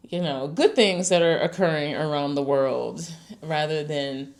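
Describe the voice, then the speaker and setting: A woman's voice: sits low, unhurried. A woman hosting a casual, candid monologue, full of fillers and the odd swear word. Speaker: host.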